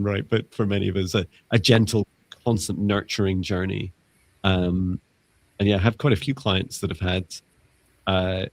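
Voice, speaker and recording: A man's voice: lowish voice, gravelly, no room sound. A man co-hosting a live spiritual stream, talking casually in a rambling way with lots of fillers and restarts, over a video call. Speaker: psychic mentor and co-host.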